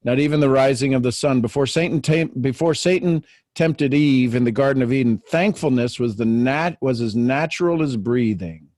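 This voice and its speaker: A man's voice: mid-range voice, moderate pace, hardly any pauses, a little mellow, no echo. Earnest man reading a devotional. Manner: earnest, preacherly reading aloud. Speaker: podcast host. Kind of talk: spiritual talk and devotional reading.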